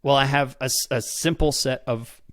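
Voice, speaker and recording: A man's voice: mid-range voice, fairly even intonation, moderate pace, fairly bright tone, no echo, clean studio sound. A man hosting a podcast, explaining a method step by step, often checking in with "okay?" and repeating words as he restarts sentences. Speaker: podcast host. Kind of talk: instructional podcast talk.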